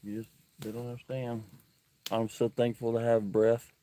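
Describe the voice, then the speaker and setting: A man talking to viewers on a camping livestream outdoors, heartfelt and openly thankful, with a mid-pitched everyday voice. He talks easily and plainly, reading out comments as they come in. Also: level tone, normal speed, warm tone. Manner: earnest, emotional, thankful, reads viewer comments aloud. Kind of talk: casual livestream chat. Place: outdoors at a woodland campsite.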